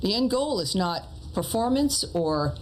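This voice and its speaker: A woman's voice: medium pitch, big pitch swings, measured pace, a little hiss or hum, low-quality recording. A woman answering questions as a political guest in a broadcast interview, earnest and hesitant with frequent fillers.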